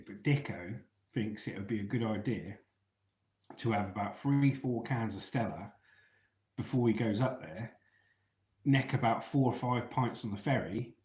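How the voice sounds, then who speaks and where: A man's voice: on the low side, a little mellow. Chatty man telling stories in an echoey room. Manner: chatty, calls listeners mate. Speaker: ex-soldier live-stream host. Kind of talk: casual live-chat storytelling.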